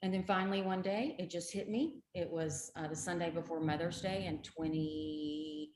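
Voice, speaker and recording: A woman's voice: on the low side, lively intonation, moderate pace, a little mellow, a little hiss or hum. A middle-aged woman, a guest in an interview, telling her own story earnestly and with emphasis. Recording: roomy echo.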